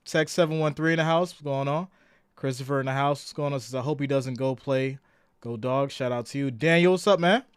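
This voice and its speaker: Guy hosting a sports live stream, hyped up, shouting out chat names, smooth dry sound. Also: brisk, no echo. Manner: loud and excitable, swinging between shouted hype and low asides; greets chat viewers by name. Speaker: sports livestream host. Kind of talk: casual live-stream commentary.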